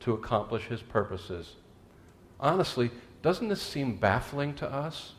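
A man's voice: mid-range voice, big pitch swings, unhurried. A man preaching a sermon as pastor, mixing scripture and prayer with folksy jokes and anecdotes, with some fillers and restarts.

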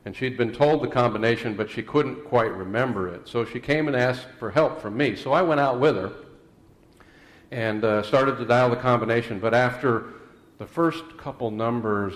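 A man preaching a sermon as pastor, mixing scripture and prayer with folksy jokes and anecdotes, with some fillers and restarts. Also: lowish voice.

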